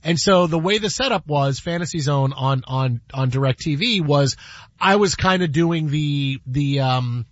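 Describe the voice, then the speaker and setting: A man's voice: fairly high pitch, a little slow, no room sound, dull audio. A man hosting a radio show, telling stories in casual banter and acting out quotes with lots of repeats. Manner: animated, acts out quotes, repeats words. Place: radio studio.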